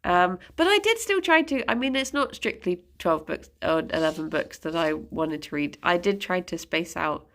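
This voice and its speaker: A woman chatting casually on a live stream, halting with fillers and breaking off to baby-talk to her pet. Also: lowish voice, animated, creaky, a bit bright.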